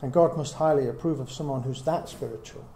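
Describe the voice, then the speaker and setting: Speaking a little fast in a mellow, medium-pitched voice, a middle-aged man gives an earnest Bible teaching to a small group. He reasons aloud with many rhetorical questions, recorded in an echoing room with faint hiss.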